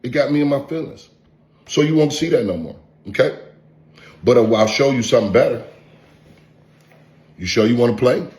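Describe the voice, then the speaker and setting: Guy ranting on his channel, cussing and taunting over and over, echoey room, mid-pitched voice. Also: normal speed, pauses often, a little mellow. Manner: profane, taunting, repetitive insults. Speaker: online content creator. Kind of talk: confrontational vlog rant. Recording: roomy echo.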